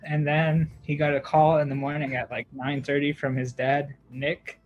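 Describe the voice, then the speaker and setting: A man's voice: a little high, level tone, moderate pace, highs cut off, soft background music. A young man, a podcast co-host, telling a long story in casual chat, with lots of fillers, "like" and laughter. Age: young adult.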